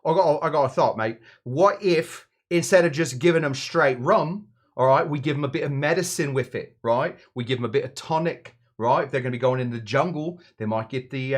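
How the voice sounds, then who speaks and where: A man voicing a brash, chummy male English naval officer with a put-on English accent, pitching ideas to his mates.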